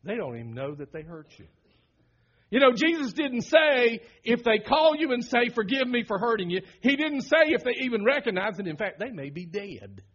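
A middle-aged man with a Southern American accent preaching a sermon as pastor, folksy and humorous, swinging from loud bursts to hushed lines. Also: extremely high pitch, sing-song, normal speed, dull audio.

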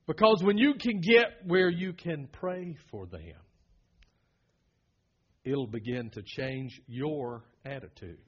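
A middle-aged Southern American pastor preaching with a husky, slightly raised voice. He is folksy and joking, then drops to a hush for the serious points. The recording sounds muffled and lo-fi. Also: on the high side, slow. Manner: folksy, humorous, swings from loud to hushed. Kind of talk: sermon.

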